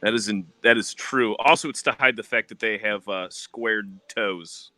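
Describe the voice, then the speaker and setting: A man in casual, animated chat about tabletop games, laughing often and swearing freely. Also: lowish voice, normal speed, no echo.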